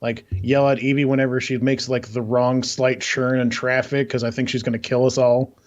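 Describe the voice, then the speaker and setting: A man co-hosting a gaming podcast in casual chat, rambling and hesitant, with deadpan sarcasm. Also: mid-range voice, normal speed. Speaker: podcast co-host. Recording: slightly muffled lo-fi mic.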